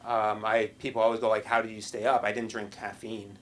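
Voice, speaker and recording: A middle-aged man doing a stand-up set at an open mic in a small comedy club, with a halting, self-deprecating delivery full of restarts. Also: lowish voice, flat delivery.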